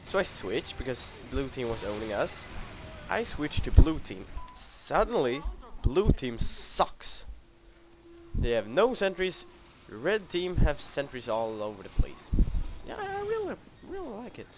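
Young man, gameplay commentary, lively swooping voice, slow deliberate pace, swearing, exasperated, noisy recording. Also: mid-range voice. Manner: frustrated, swearing, self-mocking, fidgety rambling.

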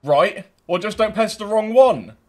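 A man's voice: sits high, animated, measured pace. A British man running casual gameplay commentary, laughing and swearing as he banters with other players. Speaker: game streamer.

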